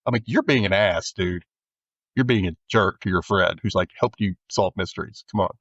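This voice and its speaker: A man's voice: low voice, moderate pace, no echo, dull audio. A man co-hosting a podcast, casually recapping an episode and acting out the characters' lines. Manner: animated, acts out characters' lines. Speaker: podcast co-host.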